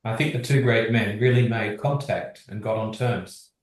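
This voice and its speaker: A man teaching history revision, reading exam sources aloud at a steady pace and discussing them. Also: lowish voice, moderate pace, recorded from a distance. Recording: very echoey, from across the room.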